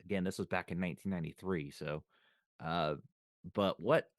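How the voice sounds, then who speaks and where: A man with a very low voice co-hosts a podcast in a loose, casual chat. He rambles through memories, doubling back on his words. The sound is dry and close. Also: fairly even intonation, moderate pace, dry recording. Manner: rambling, recalls things aloud with restarts. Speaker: podcast co-host.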